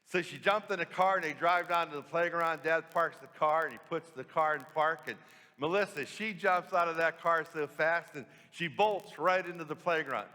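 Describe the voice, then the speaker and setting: A priest giving a homily and telling a story with rhetorical questions. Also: male voice, a little high, normal speed, bright, forceful tone. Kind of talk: sermon storytelling. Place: church. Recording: long church reverb.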